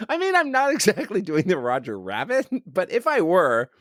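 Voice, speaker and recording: Animated man telling stories on a podcast. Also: sits high, normal speed, dry recording, clean studio sound. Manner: animated storyteller, acts out quotes in voices. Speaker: podcast co-host. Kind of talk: casual chat.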